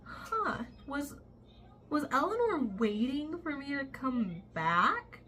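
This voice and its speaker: A woman's voice: high-pitched, sing-song, sharp tone, voice pushed up, exaggerated voice. A woman doing a worn-out werewolf guy. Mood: tender. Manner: flustered, halting. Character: weary introverted male werewolf, fond and earnest.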